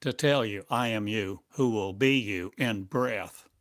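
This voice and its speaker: Slow, dry-voiced man preaching mystically. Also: on the low side, fairly bright tone, no echo. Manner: slow, drawn-out phrasing full of rhetorical questions. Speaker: spiritual teacher. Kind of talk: channeled spiritual monologue.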